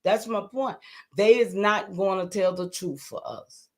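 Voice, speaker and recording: At a measured pace and medium pitch, an older woman addresses her livestream audience. She talks in a casual, emphatic, rambling way and responds to the chat.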